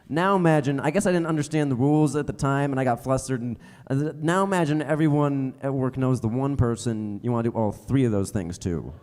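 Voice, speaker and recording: Rambling young comedian in a reverberant theater. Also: male voice, mid-range voice, brisk, few pauses, a little mellow. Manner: rambling, self-mocking, with many fillers. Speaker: stand-up comedian. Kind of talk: stand-up comedy set. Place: theater stage before a live audience.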